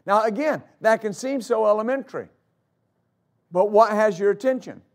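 A male pastor delivers a sermon emphatically, repeating phrases for stress and shifting between loud declarations and quiet asides. His voice is high and his speed is normal.

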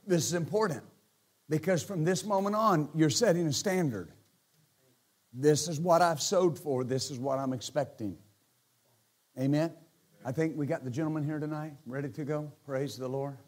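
A man preaching a sermon as pastor, animated and joking, swinging from quiet asides to shouts. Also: a little high, moderate pace.

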